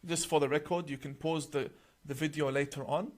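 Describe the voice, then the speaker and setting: A middle-aged imam speaks to camera about a religious book in a steady tone, his pitch somewhat raised, with slight background noise. He emphasizes key words by slowing down and speaks deliberately, also reciting in Arabic.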